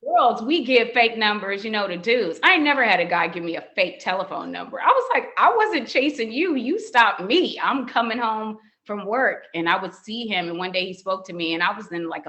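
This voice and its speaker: A woman's voice: fast, hardly any pauses. A middle-aged woman, a podcast guest, telling a casual story and acting out the quoted dialogue in a raised voice. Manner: animated, acts out quoted dialogue in higher voices.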